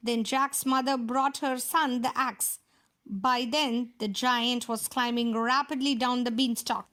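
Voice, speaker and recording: A woman reading a fairy tale aloud for children in a steady storytelling manner. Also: high voice.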